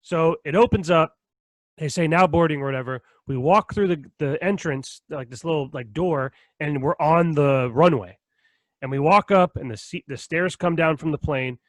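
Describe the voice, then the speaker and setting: A young man co-hosting a podcast, telling stories in an animated, profane way with frequent laughs. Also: a little high, normal speed, no room sound. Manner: animated storytelling, heavy swearing and laughter. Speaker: podcast co-host. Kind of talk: casual chat.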